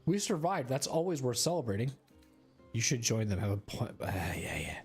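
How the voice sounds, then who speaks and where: A man's voice: medium pitch, very animated, fairly quick, husky, faint music behind. A man streaming a video game, chatting and teasing in a joking, casual way.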